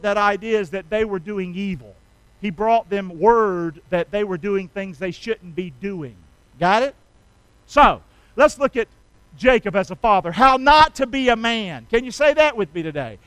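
A middle-aged man preaching a sermon, calling on the congregation to repeat lines with him and rising loud on key phrases. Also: sits high, expressive, normal speed, clear, resonant tone, no room sound, low-quality recording. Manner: call-and-response preaching, asks congregation to repeat. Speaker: pastor.

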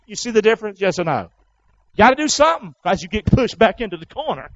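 A man preaching a sermon in church, calling out to the congregation and rising to loud, fervent peaks. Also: sits high, sing-song, a little fast, no room sound, dull audio. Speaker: pastor.

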